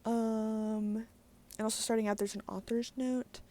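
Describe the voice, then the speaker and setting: A woman's voice: a little high, flat delivery, measured pace, dark tone. A woman chatting casually in a daily book vlog, candid and full of fillers, with some swearing. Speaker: book vlogger.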